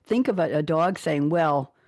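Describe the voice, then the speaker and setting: Woman radio host, dry close sound, chatty and fast, home studio. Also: low-pitched, no room sound. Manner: lively, quick and chatty. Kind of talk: casual radio interview.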